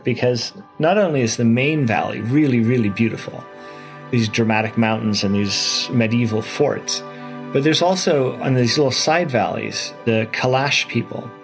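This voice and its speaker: A man's voice: medium pitch, vocal fry. Traveler man, documentary interview, eager storytelling, music under. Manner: enthusiastic, with restarts and repeated words. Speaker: adventurer recounting his trip.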